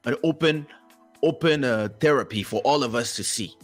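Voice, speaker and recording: A man telling a story in a casual talk-show chat, animated and acting out the people he quotes. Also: medium pitch, normal speed, soft background music. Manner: animated, acts out quotes, laughs as he tells.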